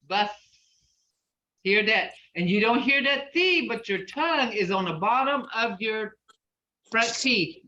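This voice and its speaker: A woman language teacher in a recorded class, patiently repeating words slowly so her students can copy them. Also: a little high, pushed and bright. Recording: roomy, distant, muffled class recording.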